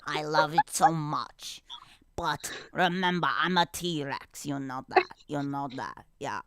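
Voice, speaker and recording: A man's voice: a little high, slow, a bit bright, clean tone. A man voicing Rex, a cheerful male T-Rex who loves to curse and keeps repeating his catchphrases, in a playful played-back clip. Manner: repeats catchphrases, friendly and chatty.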